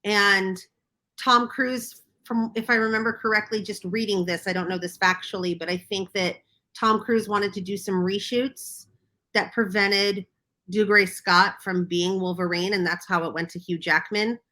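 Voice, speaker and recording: A woman's voice: mid-range voice, steady tone, normal speed, sharp tone. An American woman and film publicist, chatting casually and enthusiastically about movies on a podcast. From United States. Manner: chatty, enthusiastic, lots of fillers.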